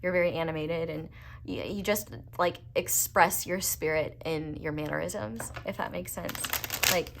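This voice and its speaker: A woman's voice: on the low side, unhurried, creaky, noisy background. A young woman, doing a casual, rambling tarot reading full of fillers and earnest asides. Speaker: tarot reader.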